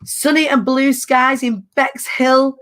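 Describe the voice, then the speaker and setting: Casting: woman host, chatty and bubbly, slightly high voice. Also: fairly even intonation, takes it slowly, a bit bright. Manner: chatty, bubbly, laughs often. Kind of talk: casual chat.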